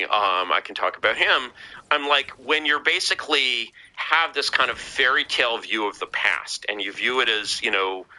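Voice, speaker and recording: A man's voice: medium pitch, sharp tone, low-quality recording. A man talking as a podcast guest in casual conversation, rambling with many fillers and restarts.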